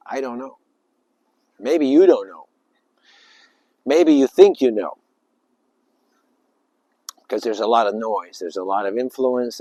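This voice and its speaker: A man giving an informal spiritual talk, rambling and emphatic, with sudden loud bursts and little acted-out voices. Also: on the low side, no echo. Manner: acts out little voices and sounds. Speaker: spiritual speaker.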